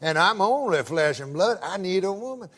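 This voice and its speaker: A man voicing a lonely, gruff old gold prospector in a folksy drawl with old-timer slang. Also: sits high, lively intonation, normal speed, fairly bright tone. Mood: weary.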